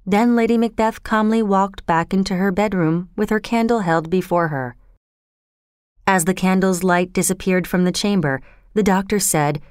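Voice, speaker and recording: A woman narrating a story in a slow, clear, measured reading manner. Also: mid-range voice, darkish tone, no room sound, studio quality.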